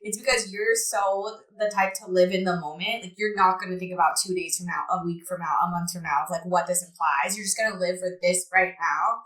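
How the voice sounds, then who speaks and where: Co-host: a woman with a lowish voice, thoughtful and analytical, recorded in a roomy space. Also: fairly even intonation, a little fast, few pauses, a bit bright. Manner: reflective, analyzing her friend. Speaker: podcast co-host. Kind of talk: casual chat. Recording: echoey room.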